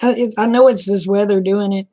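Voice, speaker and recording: A middle-aged woman with an Oklahoma accent, hosting a casual late-night livestream chat and talking to viewers by name, her throat a bit rough. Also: medium pitch, brisk. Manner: relaxed, folksy, talks to viewers by name. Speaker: livestream host chatting with viewers.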